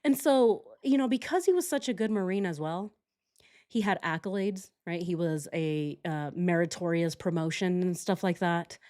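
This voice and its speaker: A young adult woman streamer telling a personal story in casual chat, candid and animated, acting out shouted quotes. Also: on the low side, moderate pace.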